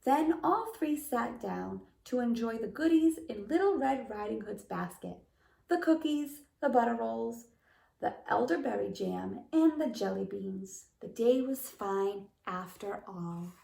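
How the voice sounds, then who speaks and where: Slow expressive woman reading a storybook. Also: a little high, vocal fry, distant mic. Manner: expressive, gasping and wondering aloud. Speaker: preschool teacher. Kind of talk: storybook read-aloud for children. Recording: roomy echo.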